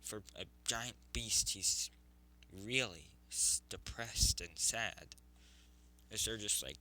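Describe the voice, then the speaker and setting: A man's voice: lowish voice, slow pace, bright, forceful tone, low-quality recording. A man improvising a fan story narration, rambling with frequent self-corrections.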